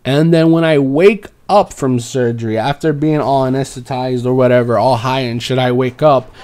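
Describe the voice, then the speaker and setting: A man's voice: medium pitch, fairly even intonation, normal speed, darkish tone, clean tone. A young man vlogging a personal story time in a casual, profane, rambling and exasperated way.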